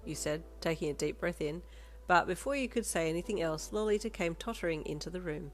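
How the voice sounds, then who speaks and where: A woman narrating a second-person fanfiction story in an expressive storytelling manner. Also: fairly low pitch, a little fast. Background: soft background music.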